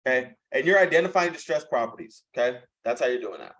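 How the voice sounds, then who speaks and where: A man's voice: mid-range voice, sing-song, quick pace, fairly bright tone, low-quality recording. A young man hosting a live video call, coaching in a blunt, profane, chatty way and saying "bro" and "okay" a lot. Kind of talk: casual coaching talk.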